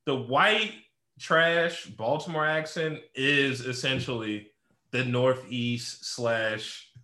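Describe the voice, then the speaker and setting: A young man, his voice bright and sharp-edged, chatting in a roomy, echoey space. He tells stories loosely and crudely, with plenty of swearing and joking around. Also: medium pitch, slow. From Philadelphia. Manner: loose, crude, jokey storytelling. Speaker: podcast co-host. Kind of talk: casual chat. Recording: roomy echo.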